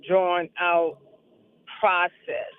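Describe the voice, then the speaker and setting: A woman's voice: lowish voice, level tone, extremely slow, clear, resonant tone, no room sound. A woman calling into a radio show, speaking passionately and emphatically, repeating phrases for weight. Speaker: caller. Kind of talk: call-in radio talk. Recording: tinny phone line.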